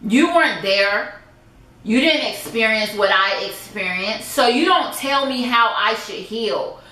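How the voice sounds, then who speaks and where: A woman's voice: fairly high pitch, lively intonation, a little slow, pushed and bright. A woman vlogging about her own life, speaking indignantly and emphatically and repeating phrases for force. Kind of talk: emotional personal vlog. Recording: echoey room.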